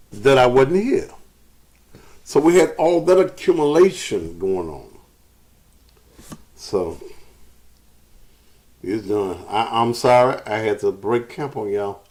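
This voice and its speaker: A man's voice: medium pitch, a little mellow. A middle-aged man hosting a loose live talk, cursing and rambling while out of breath. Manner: loose, profane, rambling storytelling. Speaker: show host. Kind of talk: casual live talk to viewers.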